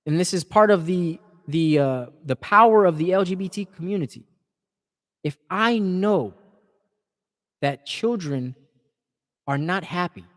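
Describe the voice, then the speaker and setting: A man's voice: high-pitched, expressive, a little slow, long pauses, a bit bright, big-room sound. A man speaking in an impassioned, informal preaching style, earnest and repeating words as he builds his points.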